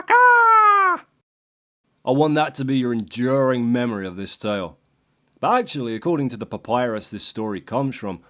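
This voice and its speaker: A man's voice: lowish voice, a little mellow. A man narrating a myth as a crude, sardonic comic story. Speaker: host.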